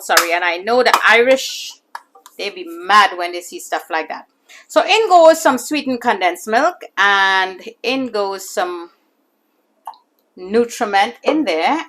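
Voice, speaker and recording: A woman's voice: medium pitch, fairly bright tone, slight background noise. A woman from the islands, chatting casually through a cooking demonstration and calling her viewers foodies, in a home kitchen. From Caribbean islands. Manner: chatty, addresses viewers as foodies, pleading emphasis. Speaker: cooking channel host.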